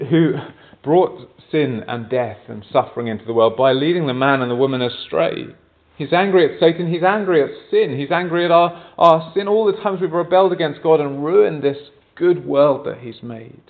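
A man's voice: a little high, normal speed. A man preaching a sermon, earnest, often turning to the congregation with rhetorical questions. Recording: tinny phone-like sound.

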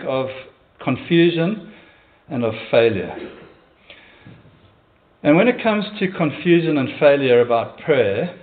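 Pastor guy giving a sermon, earnest and chatty, mid voice, tinny phone sound. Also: medium pitch. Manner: earnest, conversational preaching with hesitations. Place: church.

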